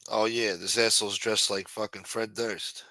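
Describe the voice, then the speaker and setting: A man's voice: fairly low pitch, level tone, normal speed, pushed and bright, no echo, clean studio sound. A man hosting a livestream, talking crudely and mockingly while reacting to his chat and thanking supporters. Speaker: livestream host. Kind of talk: profane casual commentary.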